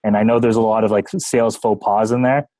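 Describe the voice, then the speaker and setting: A Canadian man, a sales manager, talking casually as a podcast guest, relaxed and quick to laugh. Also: on the low side, dry recording, rough recording. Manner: relaxed and talkative, laughs easily, jokes about himself.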